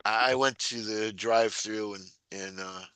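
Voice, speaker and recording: A man's voice: moderate pace, a bit bright, clear, resonant tone, no room sound. A man, rambling through stories in casual chat on a video call. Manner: rambling storyteller, mimics people in a high voice. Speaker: meeting participant.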